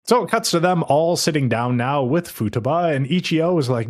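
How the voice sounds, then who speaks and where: Man with a lively, swinging delivery. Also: fairly high pitch. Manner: animated storytelling, swaps between narration and quick quoted lines; casual and profane. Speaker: podcast host. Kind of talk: casual episode recap.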